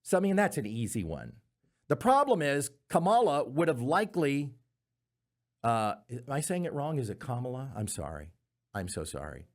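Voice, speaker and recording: A man's voice: fairly high pitch, big pitch swings, moderate pace. A man hosting a comedy commentary podcast, arguing his points with sarcastic, mocking asides. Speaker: podcast host.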